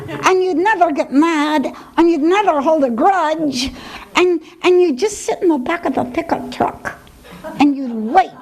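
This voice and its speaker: A cheeky, upbeat snail puppet, as a woman puts it on, bouncing along in a high, swooping sing-song voice. It teases and coaxes with unhurried, drawn-out phrasing, like a carefree puppet skit. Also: heavily acted.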